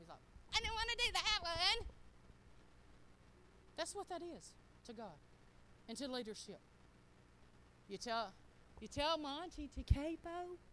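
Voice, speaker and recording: A middle-aged woman preaches an informal sermon in a church. She talks to the congregation in a folksy, joking way. Her voice sits high and swings widely up and down. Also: a little hiss or hum, poor audio.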